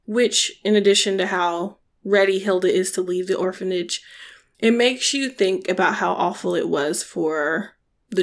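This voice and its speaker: A woman's voice: medium pitch, unhurried. Chatty woman reviewing books. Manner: chatty and conversational, many filler words. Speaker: book reviewer. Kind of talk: casual book review vlog.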